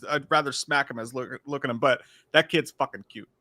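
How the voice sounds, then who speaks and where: A man co-hosting a casual podcast, telling stories in an animated way, laughing often and swearing freely. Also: medium pitch, fast. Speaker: podcast co-host. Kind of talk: casual profane chat.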